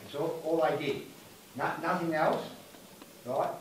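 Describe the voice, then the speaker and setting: A man's voice: fairly high pitch, measured pace. An emotional Australian man, a local resident, speaking bluntly and angrily at a community meeting, swearing as he airs his complaints. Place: community hall. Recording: very echoey hall from a distance, faint noise.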